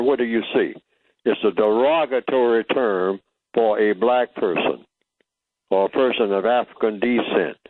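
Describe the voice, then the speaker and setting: A man's voice: medium pitch, dry recording. An older man speaking as a guest on a radio talk show, teaching emphatically and asking rhetorical questions. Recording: tinny phone line, dry.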